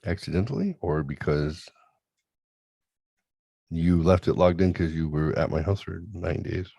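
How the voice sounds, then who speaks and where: A middle-aged man hosting a crude, casual chat show, loud and laughing, often putting on high voices to mimic his kids. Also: unhurried, gravelly, no room sound. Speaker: podcast host.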